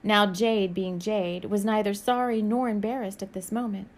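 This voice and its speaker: A woman's voice: medium pitch, steady tone, moderate pace. A woman author reading her own romance novel aloud, then giving a musing spiritual message with frequent hesitations and small laughs.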